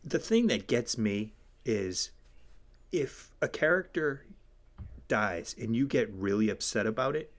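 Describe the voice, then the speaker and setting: A man's voice: medium pitch, unhurried. A man co-hosting a podcast, chatting casually and jokily about movies. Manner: animated, jokey, quotes lines in put-on voices. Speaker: podcast co-host.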